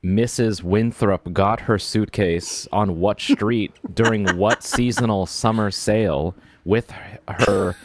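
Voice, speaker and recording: A man co-hosting a podcast, telling stories in an animated, exasperated way, with frequent restarts and laughs. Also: on the low side, takes it slowly, hardly any pauses. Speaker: podcast co-host. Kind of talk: casual book discussion.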